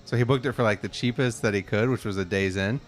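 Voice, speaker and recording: Casual rambling podcast host, faint music. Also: male voice, on the low side, quick pace. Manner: rambling anecdotes, laughing, swearing. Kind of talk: casual chat.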